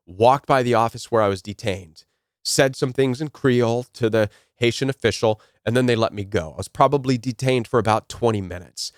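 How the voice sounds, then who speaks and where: A man's voice: mid-range voice, no room sound, studio quality. A man giving a motivational talk, telling a personal story earnestly and often repeating key phrases. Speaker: self-help speaker.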